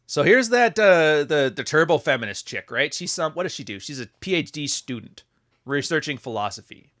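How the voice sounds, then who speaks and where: A man's voice: a little high, very animated, normal speed, fairly bright tone. A man from Canada giving casual, profane commentary on social media posts, sardonic and full of rambling asides.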